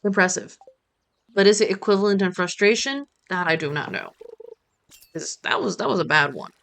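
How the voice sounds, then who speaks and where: A woman's voice: medium pitch, lively intonation, normal speed, vocal fry, fairly bright tone. A woman streamer chatting playfully while she plays, talking to the game as she goes. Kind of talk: casual gameplay chat.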